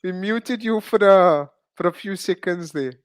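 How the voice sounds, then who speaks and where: A man's voice: high voice, measured pace. A man hosting an online maths workshop, teasing the tutor and laughing along. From South Africa. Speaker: event host. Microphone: online stream mic.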